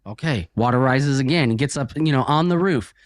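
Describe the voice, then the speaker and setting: A man's voice: mid-range voice, brisk, no echo. A man, a podcast guest, chatting casually and acting out a story with voices and sound effects, often checking in with "right?". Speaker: podcast guest, author and speaker. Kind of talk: casual chat.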